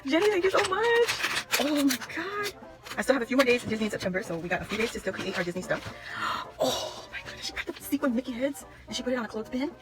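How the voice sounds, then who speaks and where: A woman's voice: high-pitched, lively intonation, fast talker, very noisy. A woman vlogger opening craft gifts on camera, gushing and exclaiming again and again in casual chat. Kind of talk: excited casual unboxing chat.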